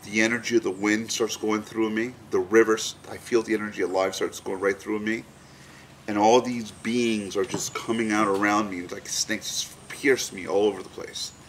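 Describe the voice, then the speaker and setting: A man's voice: fairly low pitch, steady tone, moderate pace, slight background noise. A man in an interview recounting a personal experience frankly, swearing freely and telling it vividly. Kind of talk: candid storytelling in an interview.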